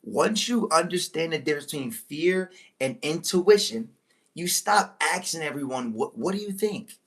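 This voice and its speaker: Emphatic, animated motivational woman. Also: deep voice. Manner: preachy, emphatic, repeats key lines, bursts into excited exclamations; slows right down on key phrases. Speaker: motivational speaker. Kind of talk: live-stream motivational talk.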